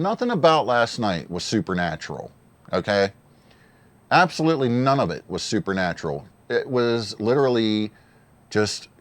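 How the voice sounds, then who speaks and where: A man giving casual, earnest solo commentary on a wrestling show, emotional and given to repeating himself. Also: deep voice.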